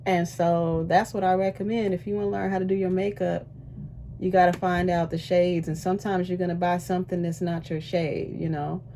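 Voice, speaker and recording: Out of breath, a cruise ship singer and vlogger chats away while doing her makeup in her ship cabin. Her voice is lowish and a little fast, animated and full of asides to viewers, with slight background noise.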